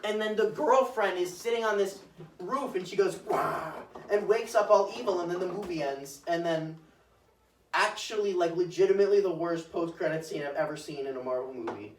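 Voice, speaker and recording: A man's voice: high-pitched, a little fast. Young guy rambling about a movie with lots of likes, kinda far from the mic in an echoey room, bit of hiss. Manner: rambling with many "like"s, acting out quotes in silly voices. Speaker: podcast co-host. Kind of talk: casual chat, rambling movie recap. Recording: roomy, off-mic, faint hiss.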